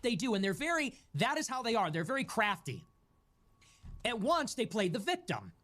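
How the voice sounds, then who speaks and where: A man's voice: high voice, huge pitch swings, normal speed, a bit bright. A young man in a played clip, ranting with a sneering, mocking manner. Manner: sneering, mocking voices in quotes. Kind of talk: political rant.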